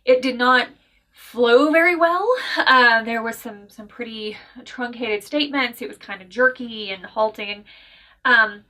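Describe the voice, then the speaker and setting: A Southern woman with a Southern US accent, casually reviewing a book in a chatty, animated way with frequent laughs and asides. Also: a little high, a little slow. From American South.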